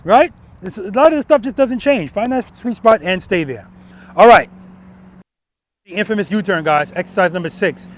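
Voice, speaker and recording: Outdoors in a parking lot, a male motorcycle instructor with a fairly high, slightly bright voice gives an outdoor riding lesson. He coaches emphatically, repeats his main points, and often tosses in a quick "right?" to make sure students are following.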